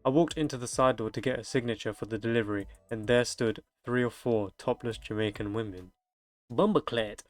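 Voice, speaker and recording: A man's voice: medium pitch, fairly even intonation, a little fast, hardly any pauses, soft background music. A young man reads delivery-driver stories aloud from the internet and breaks in with crude, joking reactions. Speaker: streamer reading online stories. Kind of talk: reading aloud with comedic commentary.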